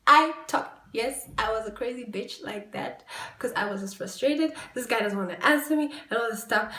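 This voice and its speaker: Young woman podcaster telling a story, bright voice, loud outbursts, swears a lot, echoey room. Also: fairly high pitch, moderate pace. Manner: animated, swings between quiet and loud exclaiming; swears freely. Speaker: podcast host. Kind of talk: casual storytelling.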